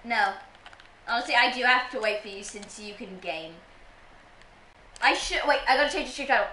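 A young woman streamer with a high, bright voice, bantering with other players in a playful, teasing way. The sound is roomy, with a faint hiss of background noise. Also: animated, moderate pace. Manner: playful, teasing, laughs often. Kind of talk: casual gaming livestream chat.

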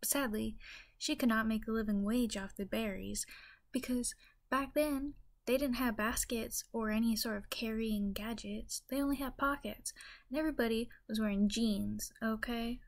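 A woman with a Southern US accent telling a rambling mock-religious comedy story in a folksy, deadpan way. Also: fairly high pitch, moderate pace.

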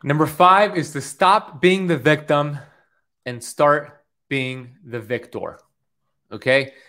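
This thirties-aged keto coach speaks to camera in a motivational, upbeat, preachy style, often asking "okay?" to check in. His voice sits on the high side, pushed and bright, and he talks slowly.

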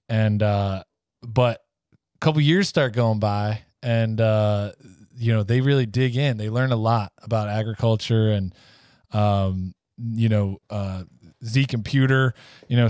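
A man in a medium-pitched voice rambles through a goofy made-up story, with filler words everywhere. The sound is close and dry, with no room echo. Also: darkish tone. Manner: rambling, full of "you know" and "uh". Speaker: podcast co-host.

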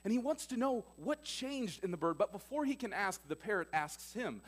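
A man preaching a sermon as pastor of a church, retelling stories with his loudness swinging between emphatic and hushed. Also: high-pitched, sing-song, moderate pace, hardly any pauses.

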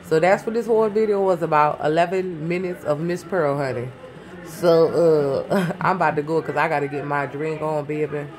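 This woman's voice sits low and a little mellow, with fairly even intonation and a moderate pace. She's vlogging to camera from her home garage on a close-held phone, rambling, swearing, getting distracted, and calling viewers "baby" and "y'all."

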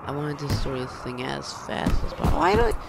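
A gaming channel host giving excitable let's-play commentary, talking to the game characters and shouting when things go wrong. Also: mid-range voice, fast, creaky, heavy background noise.

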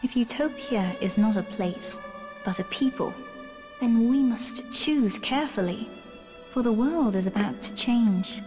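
Actress as a calm young game heroine addressing her father, warm mellow tone, long reverb over soft score. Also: fairly high pitch, lightly acted. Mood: solemn. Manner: solemn, measured, reflective. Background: game music.

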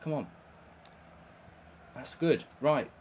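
A man's voice: mid-range voice, lively intonation, drawn-out words, darkish tone, husky. A man with a heated, swear-filled delivery, hosting video game commentary. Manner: exasperated, swears often. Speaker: host.

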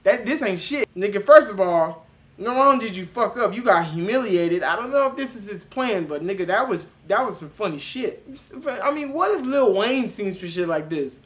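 A young man doing loud, mocking reaction commentary, cursing and breaking into shouting laughs. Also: high-pitched, expressive, normal speed. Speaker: reaction video host.

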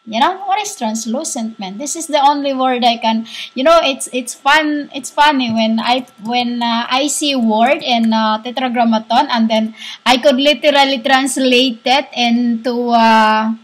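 A woman speaks slowly into a laptop microphone, giving a drifting spiritual monologue. She halts often, searching for her words between long pauses. Her voice sits high. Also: poor audio. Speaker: self-styled spiritual speaker. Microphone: laptop built-in microphone.

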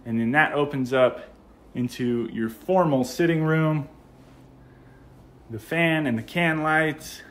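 A man's voice: fairly high pitch, takes it slowly, long pauses. An American man with a casual, enthusiastic manner, narrating a walkthrough of a model home as he films it. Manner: enthusiastic, gushing. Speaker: home tour vlogger.

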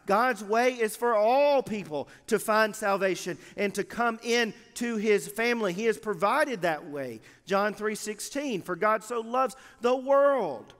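High-voiced male preacher in a reverberant church. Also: expressive, fairly bright tone. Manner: emphatic preaching with measured pauses. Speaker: pastor. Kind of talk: sermon. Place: church sanctuary. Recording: long hall reverb of a church sanctuary.

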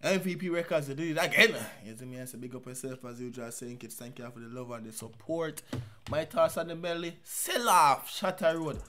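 Jamaican man chatting over loud music. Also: fairly high pitch, fairly quick. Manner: loud excitable outbursts, Jamaican patois. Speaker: music reaction vlogger. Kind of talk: casual reaction commentary. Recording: music playing loudly behind.

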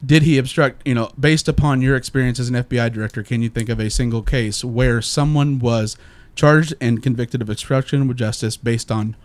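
Emphatic, opinionated male podcast co-host, mid pitch, dry close-mic sound. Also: fairly even intonation, brisk, hardly any pauses, no room sound. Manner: emphatic, opinionated, talks in long runs. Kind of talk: casual political chat.

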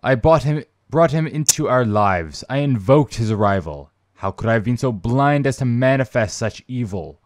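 Remorseful old grandmother voiced by a man, slow theatrical put-on accent, loud grave reading, dry recording. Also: medium pitch, expressive, dry recording, close to an everyday voice. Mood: solemn.

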